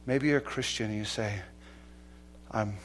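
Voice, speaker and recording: A middle-aged male pastor preaching a sermon, swinging from loud exhortation to hushed, earnest appeals. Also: lowish voice, moderate pace, slight background noise.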